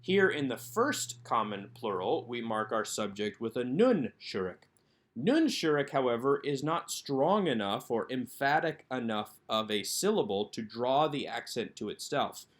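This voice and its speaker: A man narrating a recorded language lesson over slides, sounding out words slowly and carefully. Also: mid-range voice, sing-song. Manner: slow, careful enunciation of Hebrew words. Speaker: Hebrew teacher.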